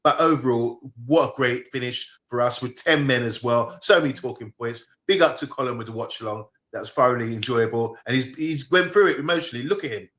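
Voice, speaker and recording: Man, co-host, relaxed rambling football chat, casual. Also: medium pitch, a little fast, few pauses. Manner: easygoing, rambling analysis. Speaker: co-host pundit.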